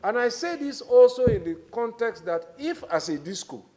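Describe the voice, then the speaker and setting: A middle-aged man with a Nigerian accent, speaking as a government minister giving formal testimony at a public hearing, with measured, deliberate emphasis. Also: very high voice, sing-song, mellow.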